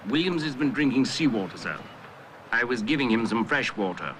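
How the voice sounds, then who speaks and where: An actor playing a sailor in a 1960s film, reporting urgently to an officer. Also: male voice, medium pitch, expressive, fairly quick, a bit bright, slight background noise, close to an everyday voice.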